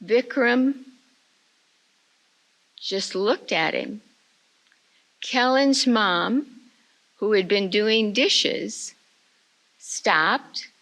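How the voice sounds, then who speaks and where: An older woman giving a retreat talk, telling a family story in a slow, measured way. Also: medium pitch, creaky, fairly bright tone, rough recording. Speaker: retreat speaker.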